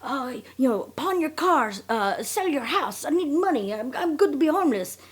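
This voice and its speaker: A woman voicing a flustered young woman in a shrill, exaggerated way. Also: very animated, normal speed. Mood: coy. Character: flustered young woman, panicky then coy.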